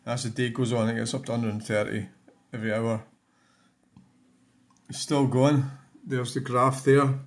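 An older man with a Scottish accent rambles through a channel update in an ordinary mid-range voice. He mutters along in a loose, offhand way and swears bluntly whenever something annoys him. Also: mid-range voice. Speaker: YouTuber giving a channel update. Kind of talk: casual rambling chat.

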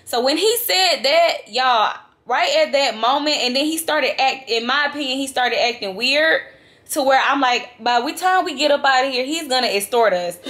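A young woman vlogger telling a travel story to her viewers in a lively, dramatic, casual way. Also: sits high. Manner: animated, dramatic retelling, addresses viewers as y'all. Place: vacation lodging, indoors.

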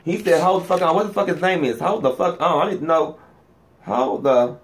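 A man, giving a profane, sassy gossip monologue as a vlogger, swinging his pitch up and down for emphasis. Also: animated, normal speed.

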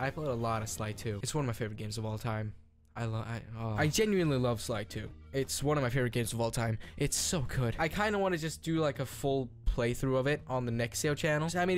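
Rambling, foul-mouthed young man. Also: mid-range voice. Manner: rambling, profane, self-deprecating. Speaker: gaming YouTuber. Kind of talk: casual reaction commentary.

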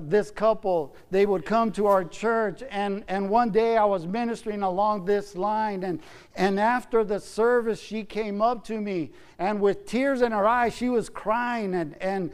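A man's voice: sits high, clean tone. A male pastor preaching a sermon in a church, often calling out "amen?" and "church" to the congregation. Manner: preaching with frequent "amen?" and "church" call-outs. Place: church sanctuary. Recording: long church hall reverb.

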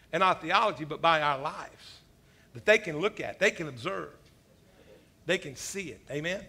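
A man preaches in a high, bright, ringing voice. He spins loose, animated stories peppered with casual asides and laughs at himself along the way. It is an easygoing sermon delivered like a conversation with his congregation. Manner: animated storytelling, peppered with "man" and "you know"; self-deprecating humor, laughs at his own stories. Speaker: pastor.

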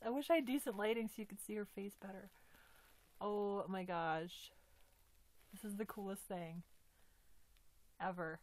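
A woman unboxing gifts in a casual vlog, gushing with excitement and often dropping to a whisper. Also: mid-range voice, normal speed, long pauses. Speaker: doll collector unboxing gifts.

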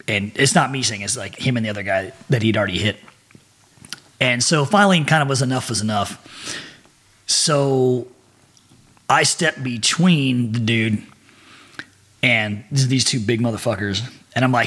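A husky-voiced man in his forties, his pitch sitting right in the middle for a man. He tells a rowdy story in a loose, profane, animated way, breaking into laughter as he talks. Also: moderate pace. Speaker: podcast guest. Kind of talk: casual storytelling.

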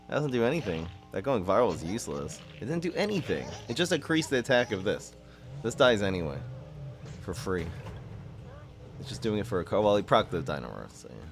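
A young man giving casual, excitable gameplay commentary and teasing banter to his viewers. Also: fairly low pitch, fairly quick, faint music behind. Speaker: streamer. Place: dim room at his parents' home.

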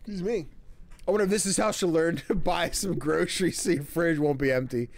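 A man's voice: fairly high pitch, brisk. A man streaming a game live, reading the dialogue aloud and joking darkly with his chat. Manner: jokey, dark-humored, talks to chat.

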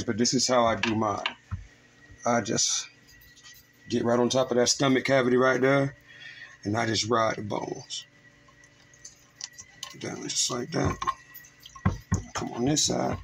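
A man with a medium-pitched voice hosts his fishing show from his home kitchen, giving a cooking demonstration in which he steadily walks viewers through filleting fish step by step. Background noise can be heard.

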